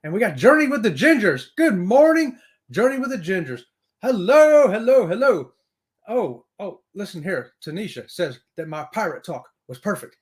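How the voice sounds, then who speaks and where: High-voiced, whooping live-stream host. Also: male voice, sing-song, fairly quick, hardly any pauses. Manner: upbeat, whooping greetings. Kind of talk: casual live-stream chat, reading comments aloud.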